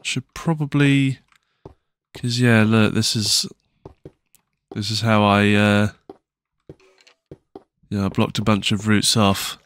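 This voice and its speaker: A man's voice: lowish voice, steady tone, takes it slowly, pauses often, fairly bright tone, clear, resonant tone. A man giving casual, nervous commentary while playing a video game, with frequent startled exclamations and self-mocking asides. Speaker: gaming channel host.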